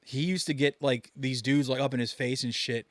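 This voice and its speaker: A podcast co-host with a mid-range voice tells crude stories in casual chat at a moderate pace, acting out the voices of the people in them. His storytelling is profane and animated, captured in studio quality with no echo.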